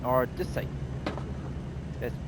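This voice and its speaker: A man's voice: takes it slowly, background noise. A man streaming a game live, rambling and thinking aloud as he plays. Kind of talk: live gameplay commentary.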